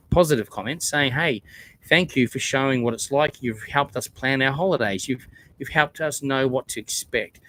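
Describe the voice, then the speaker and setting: A man's voice: medium pitch, a bit bright, slight background noise. Earnest rambling man. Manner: rambling, earnest, many fillers and restarts. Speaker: theme park YouTuber hosting a livestream. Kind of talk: casual livestream chat.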